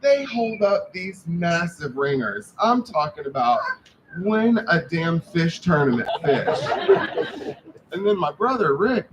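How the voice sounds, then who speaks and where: At a memorial service venue, a man with a slightly high voice delivers a eulogy for his father, telling warm family anecdotes with light humor. Heavy background noise runs under the recording.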